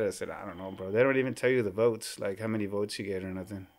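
A man's voice: fairly low pitch, quick pace. A man in his thirties, a team superfan, telling a story casually in a podcast studio, acting out what people said and calling the host "bro.". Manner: animated, acts out quoted dialogue, says "bro" often.

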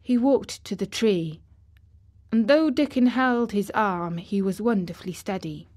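A woman reading a classic children's novel as audiobook narration, measured and steady. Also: medium pitch. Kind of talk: scripted narration.

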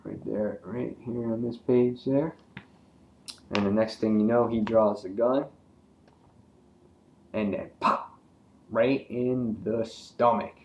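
Hesitant low-voiced man reviewing comics. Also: fairly even intonation, slow, long pauses, darkish tone, muffled recording, slight background noise. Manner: hesitant, lots of ums and uhs. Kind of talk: casual comic book review.

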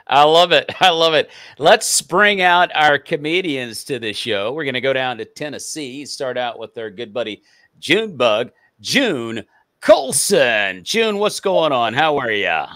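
A man hosts an online talk show in an upbeat, friendly way. His voice sits at an ordinary middle pitch. The sound is dry and close, and he often repeats words as he restarts his sentences. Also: animated, moderate pace, bright, forceful tone, dry recording. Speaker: host.

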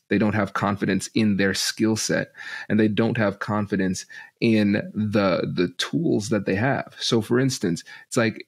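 Brief: deep man with gravelly fry, animated explainer, podcast guest. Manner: animated teacher-like explaining, laughs often. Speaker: guest, negotiation and conflict expert.

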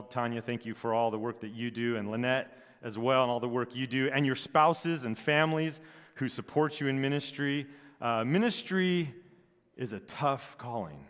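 A middle-aged man from Southern California, a pastor opening a sermon in a relaxed, joking way with many fillers. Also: mid-range voice, clean tone. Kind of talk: sermon introduction. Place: church sanctuary. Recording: long church hall reverb.

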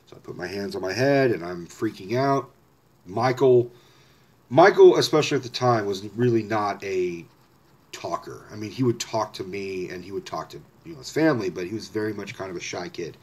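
Low-voiced man telling a rambling story. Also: moderate pace, slightly rough. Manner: rambling, self-correcting, swears often. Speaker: vlogger telling a personal story. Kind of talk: casual storytelling rant.

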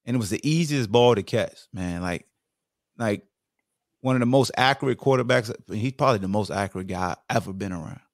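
A man in his forties from Virginia, a podcast guest casually telling animated stories about his football days. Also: on the low side, a little fast, no room sound, studio quality. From Virginia, USA. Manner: animated, acts out other people's lines. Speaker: guest, former football player. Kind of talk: casual storytelling.

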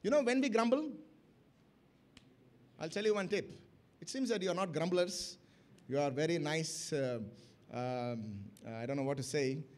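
A man's voice: fairly high pitch, normal speed, pauses often. A man preaching a sermon at a church camp, emphatic and often asking the congregation questions. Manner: emphatic, with rising and falling bursts of loudness.

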